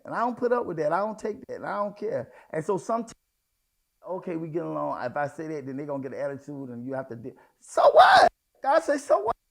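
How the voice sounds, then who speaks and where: Gravelly high-voiced man preaching. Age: middle-aged. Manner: conversational preaching with sudden emphatic outbursts. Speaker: pastor. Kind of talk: sermon.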